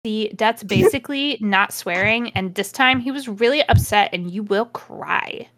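A woman's voice: medium pitch, unhurried, a bit bright. A woman co-hosting a comedy podcast, reading a story aloud and breaking off for sardonic asides.

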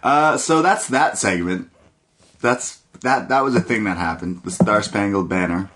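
A man's voice: lowish voice, a little slow, a bit bright. A young man co-hosting a casual wrestling podcast, laughing often as he retells scenes. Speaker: podcast co-host. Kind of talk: casual wrestling review chat.

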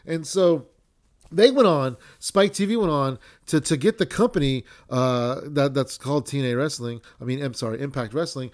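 A man's voice: fairly high pitch, normal speed. A young man hosting a wrestling podcast, ranting casually with lots of swearing, fillers and restarts.

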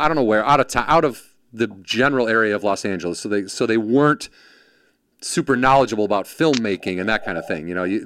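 A man's voice: mid-range voice, a bit bright. A man telling a story in casual chat, acting out quoted voices, swearing freely and jumping between characters. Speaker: podcast guest, former production assistant.

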